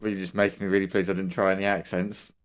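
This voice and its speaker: A man's voice: low voice, flat delivery, fast, clear, resonant tone. An Englishman co-hosting a podcast in casual chat, easygoing and agreeable, laughing along with his co-host.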